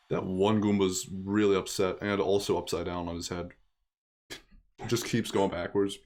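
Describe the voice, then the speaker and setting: A man's voice: sits low, flat delivery, normal speed, a little mellow. A man streaming a video game, joking and swearing casually as he reacts and reads along. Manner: swears freely, laughs at the game. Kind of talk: casual gameplay commentary.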